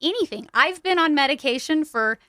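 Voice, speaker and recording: Podcast guest, woman, open and chatty storyteller, crisp and resonant tone, dead-dry studio sound. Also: fairly high pitch, measured pace, bright, forceful tone, dry recording. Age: young adult to middle-aged. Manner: open and chatty, frequent "like" fillers. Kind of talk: candid personal storytelling.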